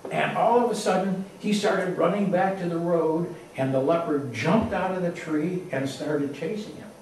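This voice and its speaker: A man's voice: on the high side, moderate pace, a little mellow. A man casually telling a personal anecdote in a plain, repetitive way that builds suspense. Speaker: storyteller. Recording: very echoey room, distant mic, faint noise.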